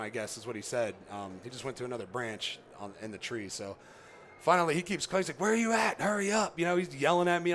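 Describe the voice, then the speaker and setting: A man who talks fast and tells his story in a loose, rambling way, peppering it with "right?" and "you know". He acts out the lines of other people as he goes, with faint background noise under his voice. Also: mid-range voice. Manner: animated, acts out quoted dialogue. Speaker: guest. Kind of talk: casual storytelling on a podcast.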